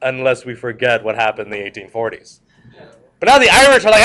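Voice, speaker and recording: A man's voice: mid-range voice, quick pace. A man teaching a history lecture to a class, repeating key points and joking with students. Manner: repetitive, animated, joking asides to students.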